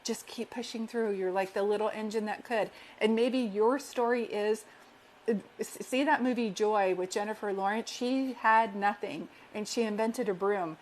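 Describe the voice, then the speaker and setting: A woman's voice: mid-range voice, moderate pace, slight background noise. A woman working as a psychic medium, giving an affectionate, reassuring reading on a live stream and repeating affirmations earnestly. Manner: affectionate and reassuring, calls listeners sweetheart.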